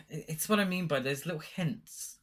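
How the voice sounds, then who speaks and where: A man's voice: on the high side, slow, a bit bright. A man co-hosting a podcast, casually recapping a film's plot with dry jokes and the odd swear word. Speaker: podcast co-host. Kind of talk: casual film review chat.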